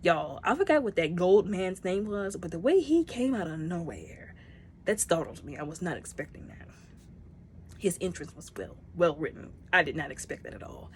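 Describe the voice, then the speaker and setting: A woman casually reviewing a movie, chatty and emotional, talking straight to her viewers and acting out the characters' lines in quick bursts. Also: lowish voice, sing-song, a little hiss or hum.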